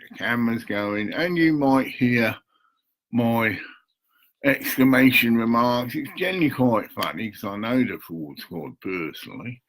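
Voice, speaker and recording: Gravelly, husky older man. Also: lowish voice, poor audio. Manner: chatty, mutters to himself, swears. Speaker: vlogger. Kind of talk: rambling to-camera monologue.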